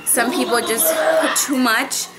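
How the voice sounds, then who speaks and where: A woman's voice: on the high side, steady tone, measured pace, loud music behind the voice. A young pregnant woman vlogging in her home kitchen, chatting to her viewers like family as she cooks. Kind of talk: casual cooking vlog. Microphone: phone camera.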